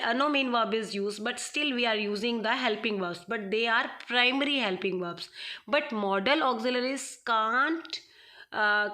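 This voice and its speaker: An English teacher at home teaches a grammar lesson to students in a recorded online class, often hesitating with fillers and repeating her points for emphasis. Her voice is on the high side, bright, and forceful.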